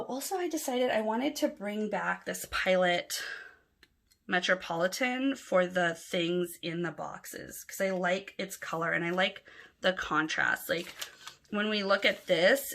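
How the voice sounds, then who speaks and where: A planner vlogger from Los Angeles, with an LA accent, speaks in a lowish voice at a measured pace with vocal fry. She's soft-spoken and chatty, rambling a little with filler words as she fills in her planner in a casual plan-with-me chat.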